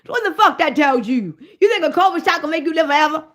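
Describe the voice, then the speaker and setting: High-voiced woman ranting, loud and profane. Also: lively intonation, fast talker. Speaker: livestream host. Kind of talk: profane livestream rant.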